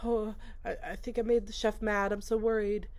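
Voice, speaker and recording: A woman's voice: medium pitch, level tone, moderate pace, darkish tone, voice pushed up, natural voice. A woman quoting a nervous young man who keeps apologizing and worrying. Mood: anxious. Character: nervous anxious young man fretting over a chef.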